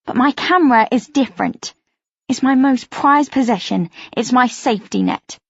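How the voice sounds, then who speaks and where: A woman's voice: sits high, normal speed, slightly rough, no room sound, muffled recording. Brief: woman narrator reading a first-person novel expressively, dry close sound. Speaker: audiobook narrator.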